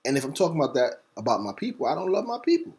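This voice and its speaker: A man hosting a talk segment, delivering a fiery, preacher-like monologue. He spells words out letter by letter and swings between rapid bursts and slow, stressed words. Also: mid-range voice, big pitch swings, darkish tone. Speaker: host. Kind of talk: impassioned monologue.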